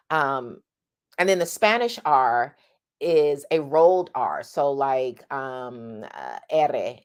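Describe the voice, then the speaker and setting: A middle-aged woman giving a chatty singing lesson, often checking in with "right?" and demonstrating sounds. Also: low voice. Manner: demonstrates sounds mid-sentence. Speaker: singing teacher. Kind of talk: casual vocal lesson.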